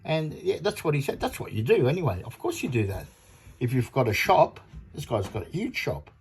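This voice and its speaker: A man's voice: medium pitch, very animated, brisk, darkish tone, soft background music. A middle-aged man from Australia who sells audio kits, talking in an indignant, repetitive rant and retelling phone calls. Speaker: audio kit seller. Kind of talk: ranting monologue.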